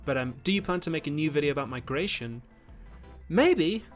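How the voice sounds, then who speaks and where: A man's voice: fairly high pitch, lively intonation, fairly quick. Geordie guy rambling through a live stream chat, lots of ums, faint music behind. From Newcastle, northern England. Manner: rambling, many fillers and restarts, bursts of mock outrage. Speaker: YouTube host on a livestream. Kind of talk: casual live-stream chat reading super chats.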